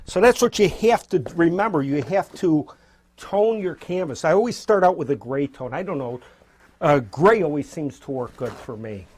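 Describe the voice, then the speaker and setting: A man's voice: a little high, expressive, normal speed, a little mellow, slightly rough. A man teaching abstract painting as he works, talking in a loose, encouraging, spontaneous way. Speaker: painting instructor. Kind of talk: casual painting demonstration.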